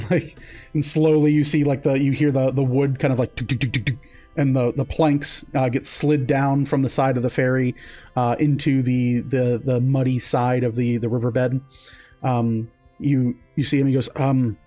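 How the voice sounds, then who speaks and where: Man game master, tabletop narration, mellow warm tone, faint music behind. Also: medium pitch, little pitch movement, moderate pace. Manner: descriptive, filler-heavy, self-correcting.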